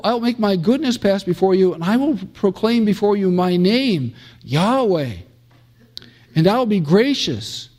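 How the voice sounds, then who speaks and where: A middle-aged American man gives a classroom theology lecture in a high-pitched, darkish voice. He's emphatic, with many fillers and restarts, and quotes things dramatically.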